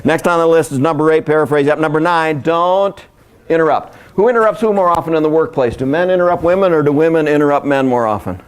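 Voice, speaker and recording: Man leading a lively workshop seminar. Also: on the high side, fast talker, clean tone. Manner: lively, joking, engages the audience directly. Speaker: workshop speaker. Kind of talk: live seminar presentation.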